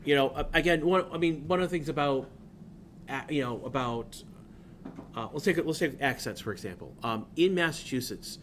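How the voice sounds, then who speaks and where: A man's voice: on the high side, moderate pace, a little hiss or hum. A man from southern New England teaching a class, talking in a loose, rambling way that drifts off on tangents. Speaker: instructor. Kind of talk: classroom lecture.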